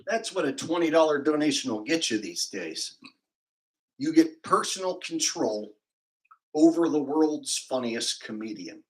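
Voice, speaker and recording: A man's voice: on the high side, big pitch swings, a little slow, poor audio. A man hosting a livestream, rambling and cracking crude jokes as he reads out donations. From California. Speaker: livestream host reading donations. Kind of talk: casual livestream banter.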